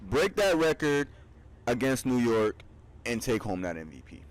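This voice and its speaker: A man's voice: medium pitch, very animated, measured pace. A man co-hosting a casual sports podcast, playful and teasing. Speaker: podcast co-host.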